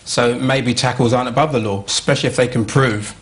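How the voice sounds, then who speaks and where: A man playing a TV sports pundit who comments briskly on a football story. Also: mid-range voice, fairly even intonation, fairly bright tone, close to an everyday voice. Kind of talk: TV news commentary.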